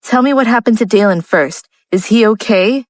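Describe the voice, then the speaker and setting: A woman's voice: medium pitch, normal speed, no room sound, voice pushed up, close to an everyday voice. A woman reading an audiobook, voicing an anxious, hot-tempered young woman who pleads and scolds. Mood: anxious pleading. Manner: pleading, then sharp and scolding.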